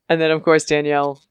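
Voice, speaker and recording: A young woman co-hosting a podcast, chatting casually about a TV episode and acting out the characters in quick voices, laughing often. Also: low voice, smooth, no room sound, clean studio sound. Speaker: podcast co-host recapping a TV episode. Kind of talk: casual chat.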